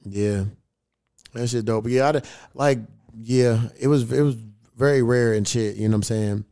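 A man's voice: mid-range voice, normal speed, dark tone, clean tone. A man, hosting a podcast in casual chat, telling loose stories full of slang and swearing. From United States. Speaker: podcast host.

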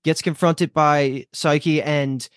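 A man's voice: a little high, level tone, slow, smooth, dry recording, clean studio sound. A man hosting a casual podcast discussion, chatty and rambling, swearing now and then. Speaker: podcast host.

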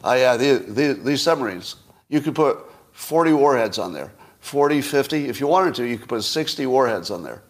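A man putting on a brash, hyperbolic politician making a sales pitch in his own podcast commentary. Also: animated, moderate pace, natural voice. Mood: boasting. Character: boastful salesman politician, exaggerating freely.

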